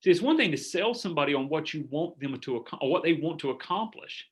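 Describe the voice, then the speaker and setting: A man's voice: a little high, fast. Earnest middle-aged male business coach. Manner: earnest, animated, acts out sample dialogues. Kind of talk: coaching workshop talk.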